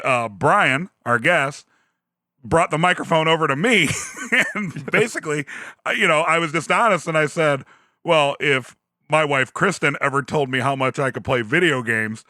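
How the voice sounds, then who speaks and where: A man's voice: medium pitch, moderate pace, bright, forceful tone, no room sound, clean studio sound. A man hosting a casual podcast chat, laughing often as he talks. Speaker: podcast host.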